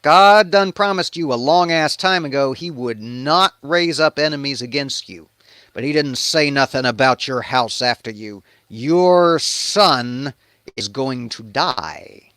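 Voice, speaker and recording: A man's voice: a little high, a little slow, sharp tone, clean tone, no echo. A man voicing a blunt, impatient male prophet who talks in casual slang.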